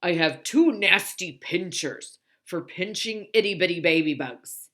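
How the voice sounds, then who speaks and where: A woman voicing a big, bad, hungry male bully bug from a storybook, growling and boasting loudly. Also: fairly low pitch, animated, unhurried. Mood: menacing.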